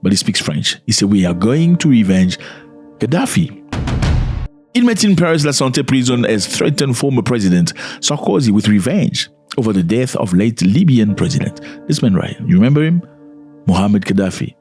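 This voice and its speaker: A man's voice: mid-range voice, sing-song, fairly quick, a little mellow, soft background music. A man giving casual video commentary, speaking conversationally and often putting questions to the viewer.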